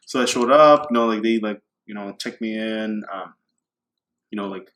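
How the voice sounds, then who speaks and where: A man's voice: lowish voice, fairly even intonation, moderate pace, fairly bright tone. A man telling a personal story in casual podcast chat, rambling with many fillers.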